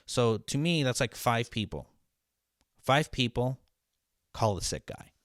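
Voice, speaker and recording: A man's voice: medium pitch, animated, unhurried, dry recording, studio quality. A young man, a line cook, telling a frustrated, profane story about work in a casual, rambling way, full of restarts and acted-out exchanges. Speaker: podcast host, line cook.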